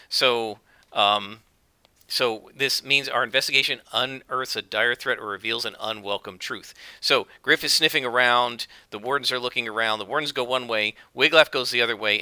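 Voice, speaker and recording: Bright-voiced man narrating a solo tabletop game. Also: mid-range voice, clean tone, no room sound. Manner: thinks aloud, explains dice rolls with frequent fillers. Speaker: game master and solo player.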